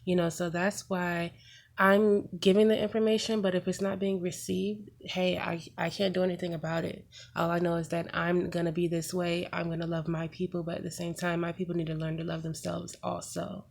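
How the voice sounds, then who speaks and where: A woman's voice: fairly low pitch, level tone, moderate pace, gravelly. Angry young woman vlogging her views. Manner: angry, emphatic, repetitive rhetorical questions. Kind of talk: impassioned opinion vlog.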